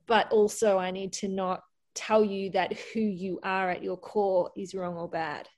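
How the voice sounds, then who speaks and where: A woman guest on a podcast, telling a personal story in a candid, lively way and often laughing. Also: medium pitch, unhurried. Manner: candid, animated, laughs often, acts out quotes. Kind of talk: casual storytelling.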